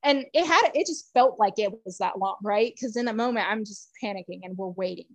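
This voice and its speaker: A woman guest telling a personal story in a casual, chatty way, filled with "like" and frequent laughter, moving between excitement and hushed emotion. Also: mid-range voice, fairly quick, dry recording. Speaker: podcast guest.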